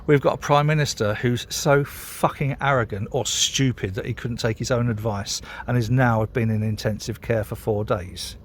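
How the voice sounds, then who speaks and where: A man's voice: medium pitch, steady tone, normal speed, few pauses, a little hiss or hum. A British man vlogging outdoors by a canal, rambling and sweary, a bit tipsy after a beer, ranting heatedly. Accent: British English. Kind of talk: casual outdoor vlog rant.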